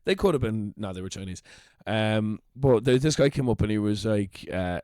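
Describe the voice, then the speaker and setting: An Irish man co-hosting a podcast, telling comedy stories in a casual, animated way, swearing and laughing as he goes. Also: fairly low pitch, moderate pace, few pauses, clean tone, no room sound, studio quality. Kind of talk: casual storytelling chat. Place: shed.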